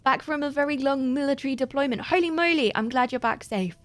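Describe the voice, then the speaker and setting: A woman's voice: high-pitched, steady tone, fast, no room sound, faint music behind. Playful woman streamer chatting while gaming. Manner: playful, self-mocking, rambling. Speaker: livestreaming gamer. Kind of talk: casual gaming commentary.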